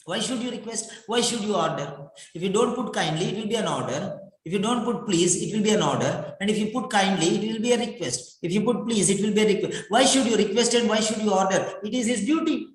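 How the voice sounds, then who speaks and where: A man teaching English writing for exams in an emphatic, repetitive lecture full of rhetorical questions. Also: high voice. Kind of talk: classroom-style lecture. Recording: echoey room.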